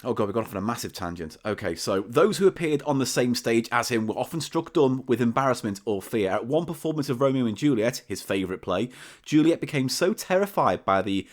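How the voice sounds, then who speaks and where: A man co-hosts a comedy podcast, reading passages aloud from a book. His delivery bounces through a wide, animated pitch range. He breaks off for deadpan digs at his partner. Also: a little fast. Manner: reads aloud from a book, teasing and deadpan asides. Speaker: podcast co-host reading a story. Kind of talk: comic podcast banter.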